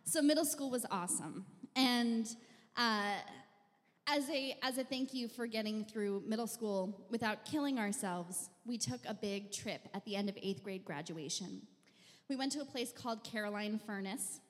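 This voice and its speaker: A young woman telling a funny personal story on stage in a wry, self-mocking, deadpan way. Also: a little high, normal speed. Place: live venue stage. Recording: long hall reverb.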